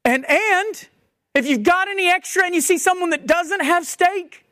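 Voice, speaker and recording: A woman preaching a sermon in a conversational, animated way, with quick asides and playful acted-out quotes. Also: extremely high pitch, dry recording, clean studio sound.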